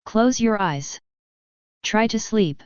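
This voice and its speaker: A woman's voice: mid-range voice, expressive, takes it slowly, darkish tone, clean tone, no room sound. Woman reading as a stern mother. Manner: firm, matter-of-fact. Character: stern, old-fashioned mother of the bride. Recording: dull, dry lo-fi audio.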